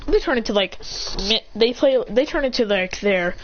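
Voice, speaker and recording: A woman's voice: on the high side, lively intonation, moderate pace, dull audio, a little hiss or hum. A woman casually retelling an imagined story in a rambling way. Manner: rambling, with fillers and restarts.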